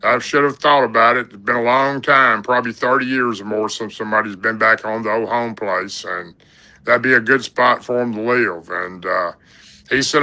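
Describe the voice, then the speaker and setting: Folksy man, very bright voice. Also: medium pitch, steady tone, normal speed, rough recording. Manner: rambling, folksy, lots of "and, uh". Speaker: podcast guest telling an encounter story. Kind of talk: casual storytelling.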